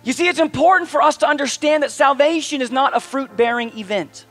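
High-voiced man preaching a sermon. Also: brisk, fairly bright tone, faint music behind. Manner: conversational, emphatic preaching with rhetorical questions. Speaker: pastor.

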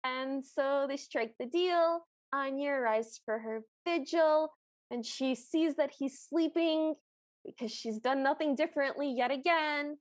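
A woman's voice: high-pitched, unhurried, dry recording. A woman co-hosting a podcast, casually recapping a film and retelling its scenes with animation. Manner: animated retelling, acting out quotes. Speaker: podcast co-host.

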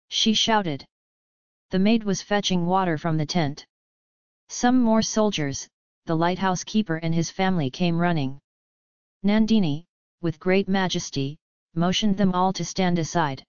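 A woman reading a translated historical novel aloud as an audiobook narrator, voicing every character in much the same even tone. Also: on the low side, measured pace, clear, resonant tone, dry recording, dull audio.

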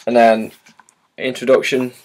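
A man rambles through a casual book unboxing, stumbling over his words and filling pauses with ums and uhs. His pitch sits at an ordinary middle level for a man. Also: level tone, a little mellow. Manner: rambling, hesitant, many fillers and restarts. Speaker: vlogger.

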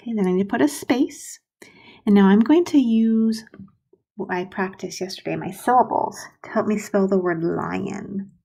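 A woman teaching first graders to write sentences, modeling slowly and sounding out syllables with patience. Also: medium pitch, gravelly, warm tone, husky. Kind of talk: recorded writing lesson for young children.

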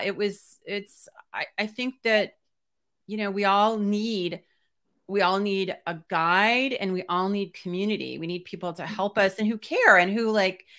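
Bright-voiced chatty woman coach. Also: medium pitch. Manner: lively, talkative, laughs often. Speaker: art business coach and host. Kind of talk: casual interview chat.

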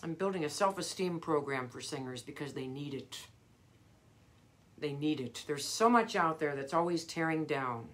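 A woman's voice: low voice, lively intonation, normal speed. A middle-aged woman vocal coach giving a live motivational talk, earnest and emphatic, repeating her key phrases.

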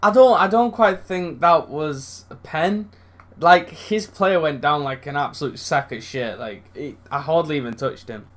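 A little slow in his delivery, a young man who makes gaming videos on YouTube commentates on his own football video game match. He curses and gets worked up, veering from low mutters to loud outbursts.

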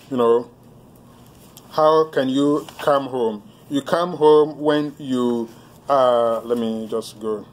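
A male pastor delivers a sermon at a middle pitch, stopping often with fillers and restarts. He reads hymn lines aloud and then explains them in plain words. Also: a little hiss or hum.

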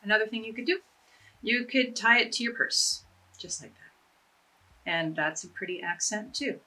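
A fashion vlogger shows different ways to tie scarves, chatting casually and enthusiastically and poking fun at herself. Her voice is a little high, animated and bright, with a forceful tone at a moderate pace.

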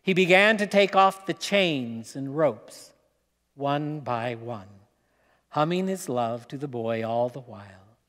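Slow-telling preacher in a reverberant hall. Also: male voice, a little high, expressive, fairly bright tone. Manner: slow, dramatic storytelling with pauses. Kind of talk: sermon storytelling. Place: church hall.

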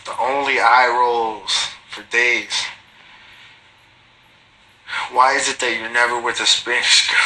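With a lowish, bright and forceful voice, this reality TV personality of Guatemalan heritage chats on a phone livestream. He reads out viewers' comments and answers them in slang, swearing as he goes, and the audio quality is poor.

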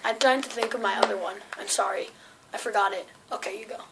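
A woman chatting casually and playfully during a vlog game, teasing and quick to laugh. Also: medium pitch, fairly bright tone, a little hiss or hum. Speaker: vlogger playing an accent guessing game.

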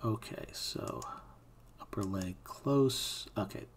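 The animation instructor here speaks slowly in a low-ish, husky voice. He's working in a screen-recorded tutorial, narrating his thoughts and making relaxed asides to his students.

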